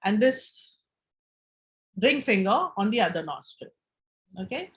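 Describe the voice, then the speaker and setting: A woman's voice: mid-range voice, very animated, a little slow, fairly bright tone. A woman speaking at a live health session, explaining and guiding the audience through a breathing exercise while checking in with them.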